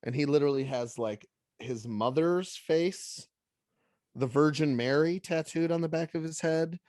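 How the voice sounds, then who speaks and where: Man, 30s, podcast co-host, animated storyteller, dry close sound. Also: on the high side, measured pace, no room sound. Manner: animated storyteller, jumps into quoted voices. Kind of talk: casual storytelling chat.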